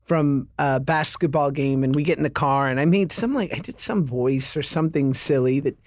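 A man's voice: on the high side, moderate pace, darkish tone, no room sound, clean studio sound. A man in his thirties co-hosting a casual chat, joking and laughing often. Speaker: podcast co-host.

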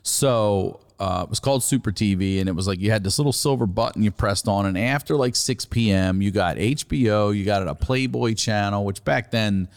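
Deep-voiced man telling a story. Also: normal speed, vocal fry, hardly any pauses. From Maryland. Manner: profane, animated storyteller. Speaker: comedian guest. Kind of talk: casual storytelling.

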